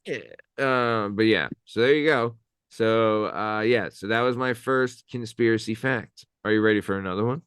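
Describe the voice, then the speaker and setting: A hoarse young man with a lowish but smooth voice, riffing loosely on a comedy podcast. The recording is dry and close. He rambles, throws in fillers, and slips into silly bits. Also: normal speed, a bit bright, no echo. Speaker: podcast co-host.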